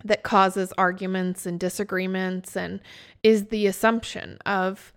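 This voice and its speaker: A woman's voice: medium pitch, little pitch movement, a little slow, clear, resonant tone. A young adult woman co-hosting a casual podcast, telling stories and acting out what people said. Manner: storytelling, acts out quoted dialogue. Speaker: podcast co-host.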